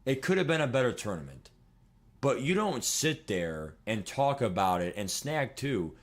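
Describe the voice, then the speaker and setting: A man in his twenties chatting casually on a livestream, rambling and excitable, swearing and laughing as he talks. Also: mid-range voice, normal speed. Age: 20s. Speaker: streamer.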